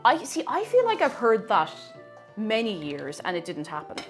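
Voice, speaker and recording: A woman's voice: mid-range voice, huge pitch swings, normal speed, faint music behind. A woman streaming herself baking, chatting casually and greeting viewers by name. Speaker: baking livestreamer. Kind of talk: casual chat while baking.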